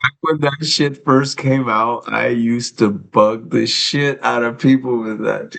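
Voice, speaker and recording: Gravelly and fairly bright, his mid-range voice stays steady and unhurried through a low-quality recording. Alone on his live stream, he rambles, swears offhandedly and talks to himself while adjusting the stream's sound.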